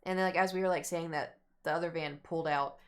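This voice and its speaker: A young adult woman streamer with a low-pitched voice talks fast, rambling through a long, casual story to her chat. She is animated and acts out what people said.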